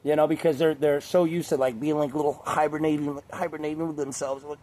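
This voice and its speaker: A young man talking casually to camera in a crude, rambling way, laughing often and mimicking others in high voices. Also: fairly even intonation, quick pace, few pauses, a little mellow. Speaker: vlogger.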